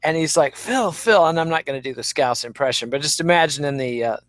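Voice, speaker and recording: A man's voice: fairly high pitch, quick pace, fairly bright tone, dry recording. A man co-hosting a podcast in casual chat, with dry, wry asides and long anecdotes. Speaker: podcast co-host.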